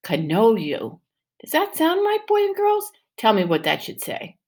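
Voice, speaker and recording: Animated woman teacher reading aloud. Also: very high-pitched, moderate pace. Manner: animated and encouraging, with exaggerated questions to the class. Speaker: first grade teacher. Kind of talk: shared reading lesson for young children.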